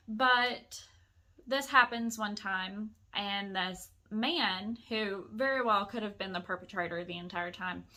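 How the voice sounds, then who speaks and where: Bright-voiced young woman telling a story. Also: on the high side. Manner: chatty, full of "like" fillers, acts out quotes. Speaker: vlogger. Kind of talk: casual storytelling.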